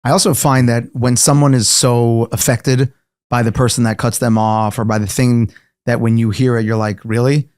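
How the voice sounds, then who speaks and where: Man, podcast co-host, calm, measured, dry close sound. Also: mid-range voice, no echo. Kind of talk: casual chat.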